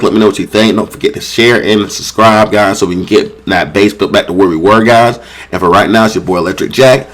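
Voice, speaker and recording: A young man hosting a manga review, casually retelling a chapter with lots of "you know" and "um" fillers and slipping into the characters' lines as he goes. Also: fairly low pitch. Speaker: manga review channel host.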